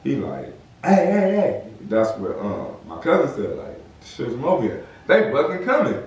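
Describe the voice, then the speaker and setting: A man's voice: mid-range voice, normal speed, far from the mic. A young man from Southern California, casually telling a story in slangy talk and acting out the quotes. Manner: animated, slangy, acts out quotes. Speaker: podcast host. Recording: echoey room, off-mic.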